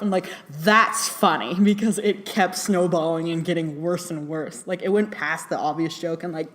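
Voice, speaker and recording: A woman giving a casual spoken film review, full of "like" and "um", laughing often and swearing casually as she retells scenes. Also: lowish voice. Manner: chatty, laughing often, heavy use of "like" and "um" fillers.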